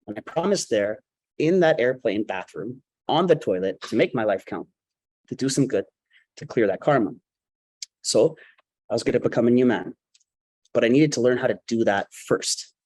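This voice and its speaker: A man's voice: medium pitch, lively intonation, moderate pace, long pauses, darkish tone, dry recording, rough recording. A man from Canada, telling a dramatic personal story on stage and acting out the quotes. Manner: dramatic, acts out quotes in vivid retelling.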